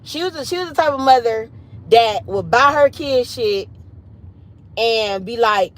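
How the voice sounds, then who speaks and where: A woman in her late thirties telling a story on a livestream in an animated, emphatic, foul-mouthed way. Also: on the high side, unhurried, no echo, poor audio. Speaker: livestream host.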